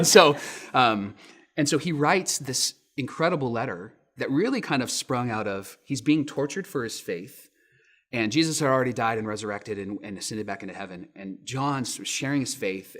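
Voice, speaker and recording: A man in his thirties, a pastor giving a sermon with lively storytelling, acting out quotes in raised voices. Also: medium pitch.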